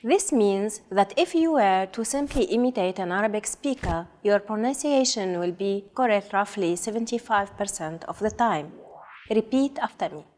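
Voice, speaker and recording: A woman co-hosting a language lesson, speaking in a scripted way and modeling words clearly and carefully. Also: mid-range voice, expressive, normal speed, a little mellow, big-room sound.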